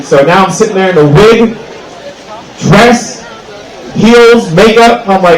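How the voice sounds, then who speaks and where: A fairly high-voiced young man performs stand-up outdoors, his words ringing out with a lot of echo from the PA. He rambles, restarting sentences and filling them with "like". He speaks into a handheld stage mic. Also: expressive, normal speed. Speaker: stand-up comedian. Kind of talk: stand-up comedy set.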